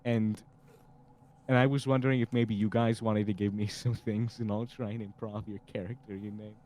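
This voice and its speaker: A man chats with his friends on a casual podcast recorded over a voice call. He laughs often, jokes a lot and is quick to try out improvised bits. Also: on the low side, level tone, a little mellow, slight background noise. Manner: laughing, joking, improvising characters. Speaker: podcast host.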